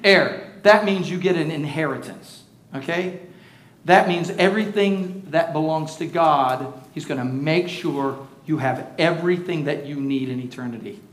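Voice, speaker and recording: An older man preaching a sermon as pastor in a church, leading the congregation in call-and-response and building up to shouts. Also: on the high side, moderate pace, reverberant. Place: church sanctuary.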